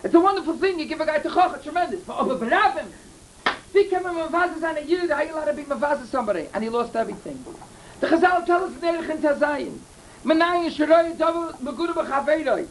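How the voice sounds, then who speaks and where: A man's voice: extremely high pitch, expressive, fast, a little hiss or hum, poor audio. A man giving a Torah lecture, telling stories earnestly and repeating key phrases. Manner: earnest, repeats himself, mixes in Hebrew and Yiddish terms. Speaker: Torah teacher.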